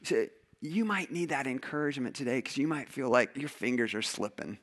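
A man preaching a sermon as pastor, urging his congregation, then leading a communion prayer, swinging between loud urging and hushed prayer. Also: medium pitch, lively intonation, brisk, slightly rough.

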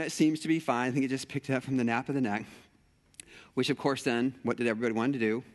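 A male pastor preaching a sermon, telling a personal story with animated energy and acting out the scenes. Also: mid-range voice.

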